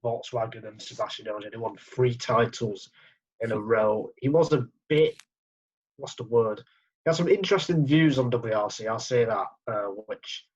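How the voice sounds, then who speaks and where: A man runs through news items on a casual podcast. His voice is husky, and he stumbles and restarts as he goes. The audio is dull and lo-fi. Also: mid-range voice. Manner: halting, stumbles over words. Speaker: podcast co-host presenting news.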